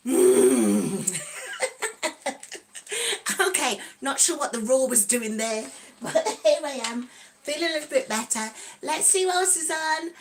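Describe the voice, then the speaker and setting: A cheerful woman in her sixties chats on a live stream with a high, bright voice. She giggles between lines and greets her viewers one by one in a friendly, rambling way. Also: normal speed, a little hiss or hum. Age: 60s. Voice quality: giggly, breaks into snatches of song. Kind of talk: casual live-stream chat.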